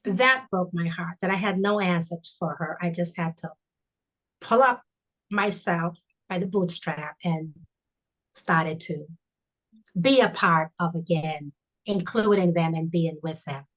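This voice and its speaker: A middle-aged woman speaking in an earnest, reflective way on a video call. She tells a personal story in a conversational webinar, often pausing and restarting her sentences. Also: fairly low pitch, poor audio. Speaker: guest, bereaved mother and institute founder.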